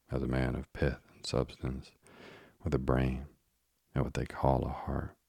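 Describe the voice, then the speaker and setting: Man reading as an old storybook witch, very deep voice, gravelly, dry. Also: darkish tone, no room sound, full character voice. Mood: proud. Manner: archaic fond speech. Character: doting old female witch.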